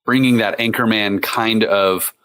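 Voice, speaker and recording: A man's voice: on the low side, steady tone, unhurried, a bit bright. A man co-hosting a film podcast, chatting in a laid-back way and thinking aloud. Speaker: podcast co-host. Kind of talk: casual chat.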